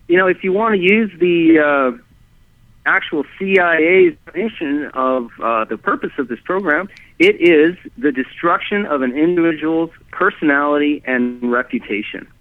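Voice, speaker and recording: A man's voice: fairly high pitch, moderate pace, dry recording. A man telling his own story as a guest in conversation, rambling, with many restarts and "you know"s. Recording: tinny phone line, dry.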